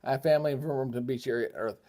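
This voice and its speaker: Talking fast in a mellow, medium-pitched voice, a man hosts a home-based weather livestream. He rambles folksily with lots of fillers and restarts, switching microphones and wandering away from them.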